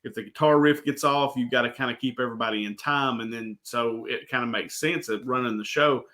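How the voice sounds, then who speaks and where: A man's voice: mid-range voice, fairly quick, sharp tone. Rambling, enthusiastic male interview host. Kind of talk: casual interview chat.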